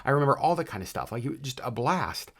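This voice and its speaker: Male co-host, casual chat, mid-pitched, talks in loose animated bursts with frequent restarts. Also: fast talker. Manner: rambling, animated storytelling with restarts. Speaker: podcast co-host. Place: home podcast setup in Alaska.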